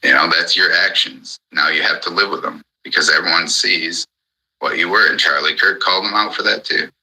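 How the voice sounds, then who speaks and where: A man's voice: deep voice, steady tone, brisk, pushed and bright, slightly rough, poor audio. A man in an angry, profane ranting monologue on a live audio chat, hammering the same points again and again. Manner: furious, profane, repetitive.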